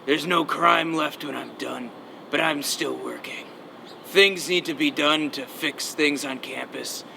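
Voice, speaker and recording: A man playing a brooding costumed vigilante in a comedy sketch, with a growled, gravelly voice and a grim, self-serious delivery, recorded outdoors at night. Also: on the high side, a little slow, sharp tone, a little hiss or hum, heavily acted.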